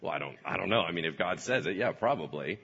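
A man's voice: deep voice, animated, fast, creaky, a bit bright, breathy edge, long reverb tail, voice pushed down, heavily acted. A man playing an offhand, unsure Eve. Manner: offhand, hesitant. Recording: dull lo-fi sound.

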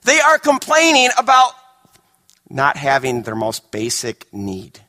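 Bright-voiced man preaching dramatically. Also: medium pitch, wildly swooping pitch, unhurried. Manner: dramatic, swinging from emphatic to hushed. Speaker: pastor. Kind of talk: sermon.

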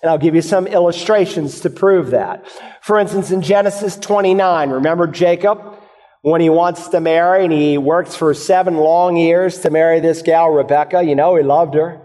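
A man's voice: a little high, normal speed, mellow, long reverb tail. A male pastor preaching an expository sermon, posing and answering rhetorical questions for his listeners.

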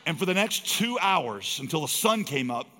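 A man's voice: fairly high pitch, very animated, normal speed, pushed and bright, slight background noise. A man preaching a sermon, telling a story earnestly and building to emphatic urgency. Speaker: pastor. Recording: long hall reverb.

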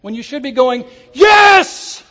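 A man preaching a sermon to his congregation, animated and rising at times to shouts. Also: high voice, a little slow. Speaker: pastor. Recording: church sermon audio.

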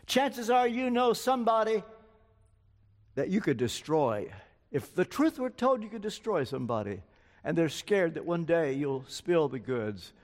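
Older male preacher, high-pitched, storytelling sermon, long hall reverb. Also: sing-song, unhurried. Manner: storytelling, acts out quoted dialogue.

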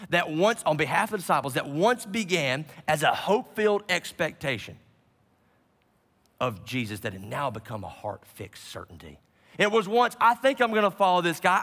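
A man preaching a sermon to his congregation, dropping low and slowing down on key words for emphasis. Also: fairly bright tone. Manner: preaching with dramatic drops in pitch and slowed emphasis. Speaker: pastor. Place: church sanctuary with a live congregation. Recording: long hall reverb.

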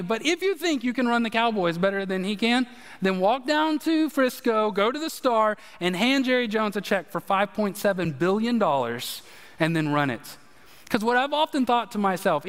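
A man's voice: high voice, smooth. A man preaching a sermon, emphatic and speaking straight to his listeners as a pastor. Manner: animated, emphatic preaching with direct address. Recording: reverberant hall.

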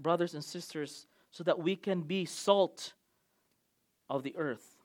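Pastor, male, high voice, preaching a sermon with emphatic bursts that drop to quiet asides. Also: slow pace. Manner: emphatic preaching with sudden swings in loudness.

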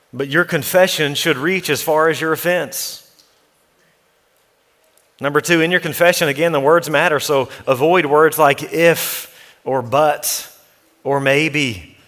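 A pastor preaching a sermon, emphatic, lifting his voice to urge the listeners and dropping it low to read scripture. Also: fairly bright tone. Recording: long reverb of a large hall.

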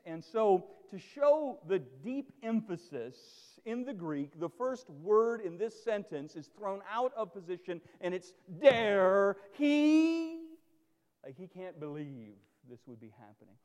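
A man's voice: a little mellow, long reverb tail. A male pastor preaching a sermon with emphatic, dramatic delivery. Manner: emphatic preaching with dramatic swings in pitch and volume.

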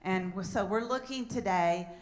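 A woman pastor preaching a sermon and reading scripture aloud. Her voice sits at an ordinary pitch. She keeps a relaxed manner and laughs at her own slips. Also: moderate pace.

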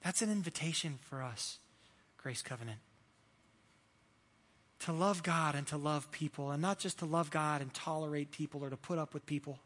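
A man's voice: fairly high pitch, normal speed, fairly bright tone. A man preaching a sermon as pastor, earnest and repeating words as he builds his points.

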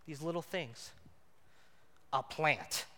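Married male preacher, bright and forceful, sermon in a church with a long hall reverb. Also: on the high side, slow pace. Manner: dynamic, swings from loud emphatic to quiet intimate.

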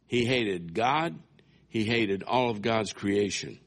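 Male pastor, low voice, slow deliberate delivery, playful storytelling sermon. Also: expressive. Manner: dramatic, humorous storytelling with acted quotes.

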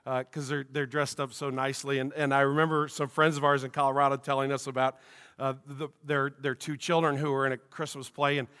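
A man's voice: medium pitch, little pitch movement, a little fast, a bit bright. A middle-aged man, a pastor, preaching a sermon and telling a personal story in a conversational way with frequent restarts, in a church sanctuary. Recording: long reverb of a church hall.

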